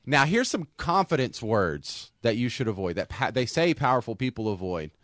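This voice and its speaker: A man's voice: medium pitch, sing-song, moderate pace, fairly bright tone, no room sound, studio quality. A man co-hosting a casual talk show, rambling and often restarting his sentences. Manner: rambling, self-interrupting with restarts. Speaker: co-host.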